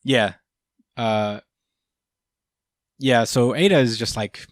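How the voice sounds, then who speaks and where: A man's voice: mid-range voice, takes it slowly, long pauses, no echo. A man hosting a podcast, casually recapping a comic chapter, swearing freely with lots of fillers. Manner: laid-back, swears freely, many fillers. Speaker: podcast host.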